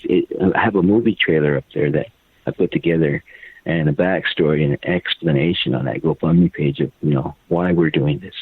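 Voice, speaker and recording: An older man, a guest and a father, telling a personal account on a phone line in a halting way, repeating and stumbling over his words. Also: very deep voice, breathy edge.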